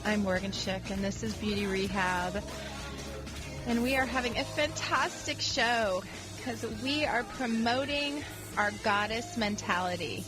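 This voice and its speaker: A woman's voice: medium pitch, poor audio. An upbeat woman hosts a call-in radio advice show, giving an emphatic pep talk. Her voice sits in a middle range, and faint music plays underneath it.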